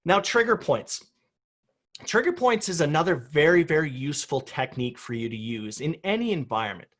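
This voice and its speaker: Husky-voiced man giving a punchy talk. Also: fairly high pitch, expressive, normal speed, fairly bright tone. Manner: emphatic, punchy, repeats key phrases for effect. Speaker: conference speaker on crisis response. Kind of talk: motivational conference talk.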